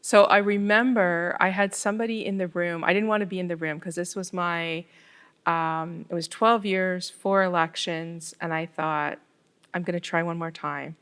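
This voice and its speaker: A middle-aged woman from Canada, a ward councillor in a casual interview, telling stories in an animated way and acting out the dialogue. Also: on the low side, normal speed, smooth. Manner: animated storyteller, acts out quoted dialogue.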